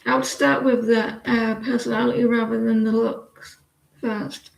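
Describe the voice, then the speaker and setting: A woman's voice: on the high side, little pitch movement, measured pace, creaky, roomy sound, rough recording. A woman in her forties giving a live tarot reading, rambling with lots of fillers and restarts. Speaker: tarot reader. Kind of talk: live-stream tarot reading and casual chat.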